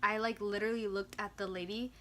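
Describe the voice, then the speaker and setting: A young woman vlogger casually telling a story, animated and slangy, full of "like" and swearing. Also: medium pitch, a little fast, a little hiss or hum.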